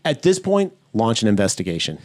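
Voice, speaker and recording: Lively podcast host retelling a film. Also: male voice, lowish voice, brisk, no room sound, studio quality. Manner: animated retelling, acting out film lines in loud voices. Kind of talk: casual chat.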